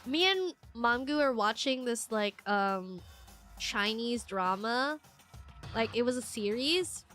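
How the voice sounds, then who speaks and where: A woman streaming a visual novel, chatting casually and reading the characters' lines aloud with lively, shrill put-on voices. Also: takes it slowly, faint music behind.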